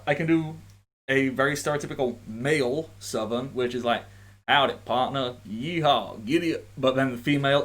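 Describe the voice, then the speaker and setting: A British man running a tabletop game, chatting casually and rambling, mocking himself and swearing now and then. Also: medium pitch. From Britain. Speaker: game master.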